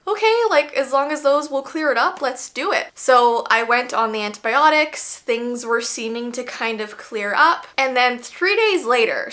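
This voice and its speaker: Bright-voiced woman telling a storytime. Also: fairly high pitch. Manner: animated, lots of fillers. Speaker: YouTuber. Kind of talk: storytime vlog, casual chat.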